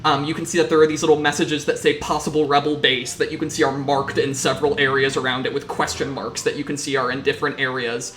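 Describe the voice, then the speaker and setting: A man's voice: medium pitch, flat delivery, fast talker, hardly any pauses, fairly bright tone, reverberant. A man serving as game master, narrating a tabletop game in a loose, descriptive way full of fillers.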